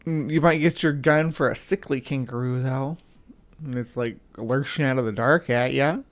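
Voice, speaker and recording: A man's voice: mid-range voice, moderate pace. A man hosting a live show, arguing casually with a video as it plays. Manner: argumentative, talks back to the clip. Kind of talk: casual live-stream chat.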